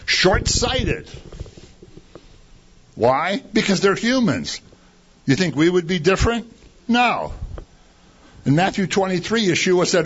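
Animated preacher man, lively pitch. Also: takes it slowly, pauses often, breathy edge. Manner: animated, acts out quoted complaints, rhetorical questions. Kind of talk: conversational sermon. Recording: dull lo-fi recording.

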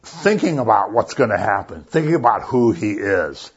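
A man's voice: lowish voice, big pitch swings, normal speed, husky, muffled recording. A man giving a casual, conversational sermon and often checking in with his listeners. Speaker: preacher.

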